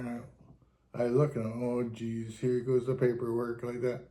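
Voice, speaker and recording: A man's voice: medium pitch, flat delivery, normal speed, warm tone, a little hiss or hum. A man, a former fire captain co-hosting a podcast, who tells stories with animation and acts out the voices in them. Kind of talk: casual storytelling chat. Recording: roomy, echoey room sound.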